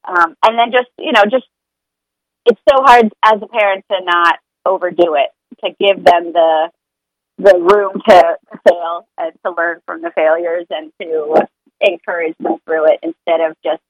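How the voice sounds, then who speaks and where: A woman's voice: fairly low pitch, fairly even intonation, normal speed, dry recording, rough recording. A woman talking casually and earnestly about her experience as a parent, rambling a little and slipping into sing-song voices when she repeats what she says to her child. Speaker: parent sharing potty-training experience. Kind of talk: casual podcast conversation.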